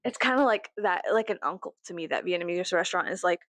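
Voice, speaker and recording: A woman in her thirties telling a storytime vlog from her bedroom, profane and animated, laughing often and acting out what people said. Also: lowish voice, quick pace, no echo. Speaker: vlogger.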